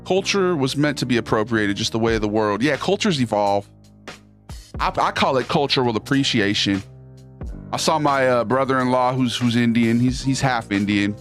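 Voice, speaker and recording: A man chatting loosely on his live stream, reading the chat and jumping into quick silly voices. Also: mid-range voice, faint music behind.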